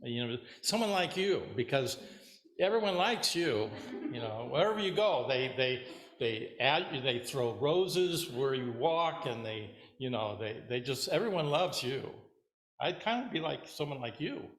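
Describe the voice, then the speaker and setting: A man's voice: medium pitch, animated, a little slow, a bit bright, echoey room, voice pushed up. A man voicing a weary male demon king who is tired of scaring people, complaining in an exasperated way.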